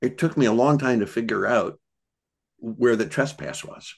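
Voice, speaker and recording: An older American man, a podcast guest, tells reflective childhood stories in a meandering, thoughtful way, with many pauses and restarts. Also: mid-range voice, gravelly. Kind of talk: reflective storytelling conversation.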